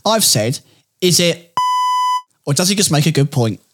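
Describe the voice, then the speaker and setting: A man co-hosting a casual podcast chat, jokey and quick to laugh. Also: a little high, expressive. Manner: jokey, laughs often, slips into silly voices. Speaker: podcast co-host.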